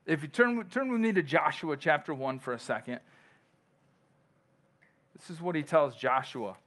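A man's voice: fairly high pitch, lively intonation, moderate pace, fairly bright tone. A male pastor preaching a sermon in a conversational way, with frequent restarts and long scripture readings. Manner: reads scripture aloud.

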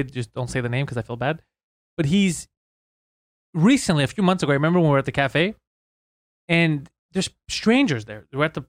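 Brief: male podcast co-host, rapid storyteller, dry studio mic. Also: mid-range voice, no room sound. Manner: rapid storytelling, acting out the people he quotes. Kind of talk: casual podcast chat.

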